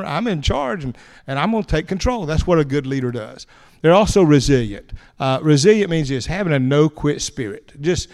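Man, preacher, folksy storyteller, slightly high voice, long hall echo. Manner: folksy and animated, tells anecdotes with chuckles and repeated words. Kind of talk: folksy storytelling talk to an audience.

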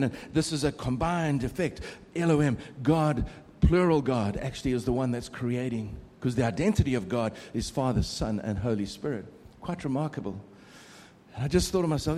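A man's voice: a little high, a little fast, dark tone, slight background noise. A middle-aged man preaching a sermon in a conversational way, joking with the congregation. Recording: long reverb of a large hall.

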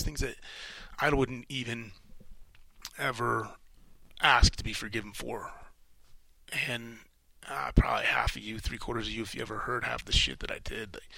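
Middle-aged male solo podcast host; gravelly, bright edge, halting and rambling delivery. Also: mid-range voice, no echo, low-quality recording. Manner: rambling, halting, many restarts, swears casually. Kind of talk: solo reflective monologue.

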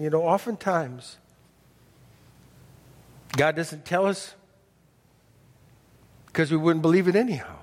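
A man preaching a sermon as pastor, folksy and animated, dropping from loud emphasis to hushed intensity. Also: fairly high pitch, measured pace, long pauses, in a large hall. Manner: folksy, humorous asides.

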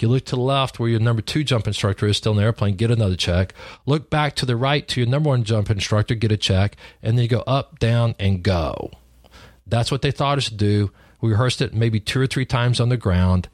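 A man telling a personal story in a relaxed, conversational way, often restarting his sentences. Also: mid-range voice, dry recording, clean studio sound. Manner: conversational, lively retelling with frequent restarts. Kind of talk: personal story told casually.

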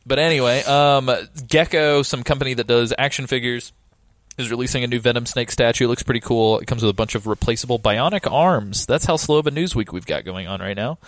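A man's voice: mid-range voice, a little fast, dry recording. A man hosting a casual podcast, running through news in a jokey, rambling way with lots of fillers. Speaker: podcast host.

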